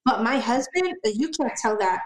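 High-voiced woman in an echoey room. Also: animated, moderate pace. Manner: emphatic, repeats words for stress. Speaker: podcast guest. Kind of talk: casual conversation.

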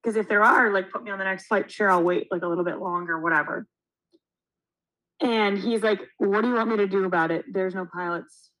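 Young woman, podcast co-host, casual storytelling, animated, swears, acts out what people said. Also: mid-range voice, rough recording.

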